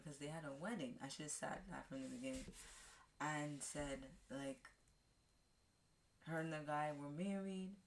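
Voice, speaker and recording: A woman vlogger casually recapping a movie, rambling with halting restarts and fillers. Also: low-pitched. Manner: acts out characters' lines in a raised voice.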